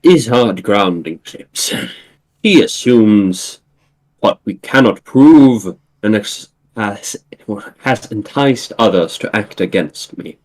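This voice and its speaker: A man voicing a scheming male imperial official on the run, measured and commanding, in a comic read-aloud. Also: lowish voice, expressive, darkish tone, rough recording. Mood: brooding.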